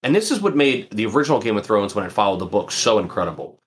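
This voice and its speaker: A man's voice: fairly low pitch, quick pace. A man co-hosting a casual chat about a TV show, talking loosely with lots of fillers. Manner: lively, loose, filler-heavy. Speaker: podcast co-host.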